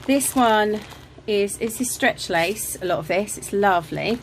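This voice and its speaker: A woman's voice: medium pitch, animated, a little slow, a little hiss or hum, low-quality recording. A woman chatting casually in a home craft vlog, rambling with ums and little laughs, a bit out of breath, filming on a handheld camera. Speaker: craft vlogger. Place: home craft room, indoors.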